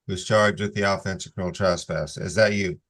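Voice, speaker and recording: Male judge on a video-call hearing; lowish voice, steady and formal, reads plea warnings. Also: fairly quick.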